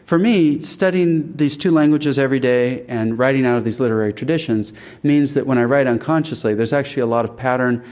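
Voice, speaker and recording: A man giving a public talk on language and literary tradition, thoughtful and halting, with fillers and restarts, and reciting Middle English verse aloud. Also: mid-range voice, darkish tone. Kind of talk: public lecture.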